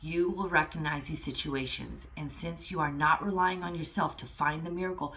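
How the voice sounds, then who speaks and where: A woman with a low, deep voice reads from a spiritual lesson and breaks into fervent, emphatic commentary. She talks plainly and casually, swearing now and then as she urges her listeners on. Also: steady tone, normal speed, few pauses, fairly bright tone. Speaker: spiritual teacher.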